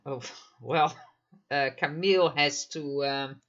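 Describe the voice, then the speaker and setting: A man's voice: fairly high pitch, slow pace, a bit bright, muffled recording. A man commenting live in a casual chat, emphatic, firing off rhetorical questions and frequent fillers. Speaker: mental health commentator.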